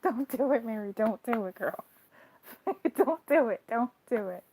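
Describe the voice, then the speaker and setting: A young woman reading tarot on a live stream, chatting with viewers in an animated way, laughing often and swearing casually. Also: on the high side, moderate pace, husky. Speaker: tarot card reader.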